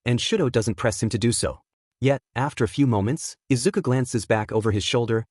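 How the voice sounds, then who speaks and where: A man narrating a fan fiction story aloud in a steady, even storytelling manner. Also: mid-range voice, no echo, clean studio sound. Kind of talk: audiobook reading of fan fiction.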